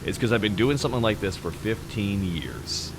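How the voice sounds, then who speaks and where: A man in his thirties with a naturally deep voice, chatting casually and teasingly with his stream audience, close to the mic. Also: big pitch swings, normal speed, gravelly, background noise. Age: 30s. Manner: joking, teasing, talks straight to chat. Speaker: VTuber streamer. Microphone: close to the microphone.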